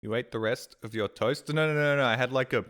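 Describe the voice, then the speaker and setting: A man streaming a game, telling rambling everyday stories and acting out his own exasperated reactions in a sudden higher voice. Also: fast, fairly bright tone. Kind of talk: casual stream chat, storytelling.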